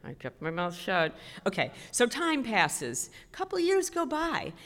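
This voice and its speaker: Animated woman doing stand-up in a hall. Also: medium pitch, moderate pace. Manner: animated, self-deprecating, rises to loud outbursts. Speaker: stand-up comedian. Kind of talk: stand-up storytelling.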